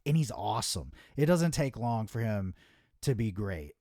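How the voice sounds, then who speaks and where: A lower-voiced man chatting on a podcast, laid-back and swearing freely, tossing out quick reactions. The sound is dry and close. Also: sing-song, a little mellow, no echo. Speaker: podcast co-host. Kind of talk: casual podcast chat.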